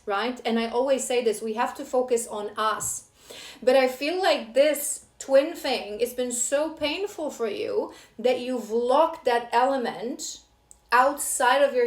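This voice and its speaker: A woman's voice: a little high, echoey room. A woman doing a spiritual tarot reading for her viewers, earnest and scolding by turns, with emotional asides. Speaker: tarot reader.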